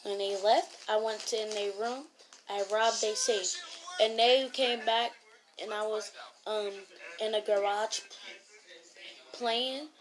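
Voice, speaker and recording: A woman telling a casual story about an online game in a rambling way, getting louder when she quotes other people. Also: fairly high pitch, steady tone, takes it slowly, pauses often. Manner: rambling retelling with raised voice when quoting others.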